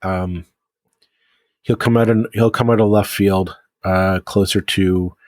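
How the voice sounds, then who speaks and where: Low-voiced man in rambling political chat. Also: steady tone, takes it slowly, no echo. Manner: rambling, many restarts and fillers. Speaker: podcast co-host.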